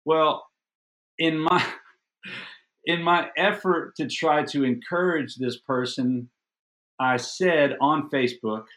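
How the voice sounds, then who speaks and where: A middle-aged man appearing as a podcast guest tells a personal story in a casual, animated, self-deprecating way, doubling up words when he gets excited. His pitch is fairly high, and he speaks slowly with frequent pauses.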